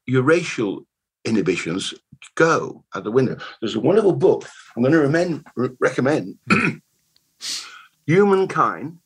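An older man in his eighties speaks with a Bristol lilt and a husky, slightly rough voice at a middling pitch. He tells stories as a guest in a loose, rambling way, often restarting words mid-thought. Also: sing-song, a little slow, poor audio. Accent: Bristol English. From Bristol, England. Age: 80s. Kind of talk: casual conversational storytelling.

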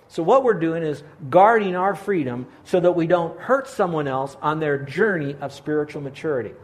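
Man, middle-aged, pastor, sermon, earnest, gentle encouragement, a little high-pitched.

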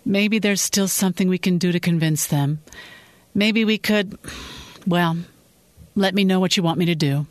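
A woman voicing a sympathetic office colleague leaving a gentle, hesitant voicemail. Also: fairly low pitch, moderate pace, pauses often, no room sound, voice pushed up, natural voice. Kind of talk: audiobook-style fiction reading.

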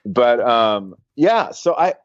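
A man's voice: mid-range voice, very animated, no echo. A man who is a pastor, co-hosting a podcast in a rambling, emphatic casual chat. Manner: rambling, emphatic, quick bursts. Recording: dull, slightly lo-fi dry sound.

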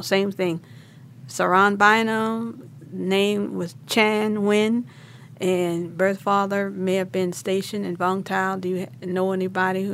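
A woman's voice: fairly low pitch, slight background noise. Emotional woman telling her own story. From born in Vietnam, raised in New Orleans. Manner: emotional, animated retelling with laughs and restarts. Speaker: interviewee. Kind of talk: personal storytelling.

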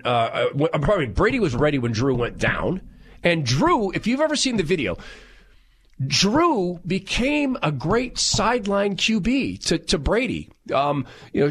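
A middle-aged man hosting a talk radio show, telling stories and reading listener texts in a loud, animated way. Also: fairly high pitch, husky.

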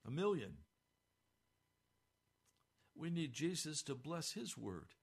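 An older man preaches a sermon, slow and deliberate, his voice sitting a little high for a man. He swings between hushed appeals and loud, impassioned cries. His voice sounds almost hoarse. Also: sing-song. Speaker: pastor.

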